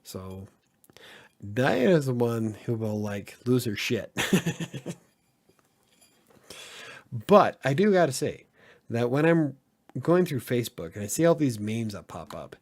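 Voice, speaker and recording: A man's voice: medium pitch, big pitch swings, unhurried, a little mellow. A man hosting a casual live-stream podcast, joking around and laughing often as he answers the chat. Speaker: podcast host; editor.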